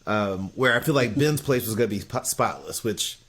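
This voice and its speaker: A man's voice: lowish voice, expressive, normal speed, a bit bright. An American man co-hosting a podcast, giving blunt, opinionated takes in casual chat. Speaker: podcast co-host.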